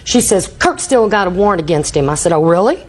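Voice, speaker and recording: A woman's voice: lowish voice, lively intonation, quick pace, breathy edge, low-quality recording. An older woman testifying in a TV courtroom, telling a rambling story and acting out quoted dialogue. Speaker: litigant.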